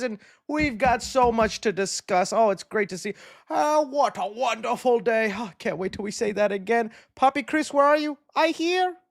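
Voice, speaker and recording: A man's voice: very high-pitched, no echo, clean studio sound. Jokey slangy man hosting a livestream. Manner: upbeat, slangy, jokey banter with chat. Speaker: movie news livestream host. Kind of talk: casual live-stream chat.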